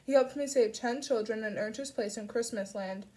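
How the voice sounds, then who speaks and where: A woman voicing a smooth-talking, sinister older male chauffeur in an audiobook, louder and coaxing. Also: fairly high pitch, moderate pace, natural voice.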